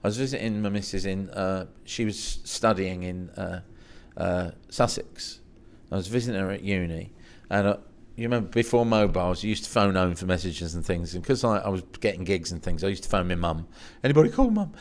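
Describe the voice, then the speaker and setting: A middle-aged English man with a fairly low voice tells stories from his past in a relaxed interview. He acts out the dialogue, his voice leaping up in pitch for his own quoted lines. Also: brisk, hardly any pauses. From England. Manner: animated anecdotes, swooping up high when quoting himself. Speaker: podcast guest. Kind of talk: storytelling in a casual interview.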